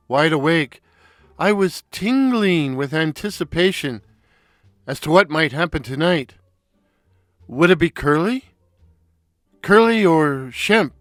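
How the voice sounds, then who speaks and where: A man narrating a first-person audio story in an unhurried, wry storytelling manner. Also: a little high, fairly bright tone, dry recording, studio quality.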